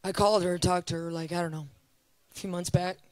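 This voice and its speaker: A middle-aged woman preaching at a conference, telling testimonies in an animated, emphatic way and repeating phrases for emphasis. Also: on the low side, a little fast, no echo, poor audio.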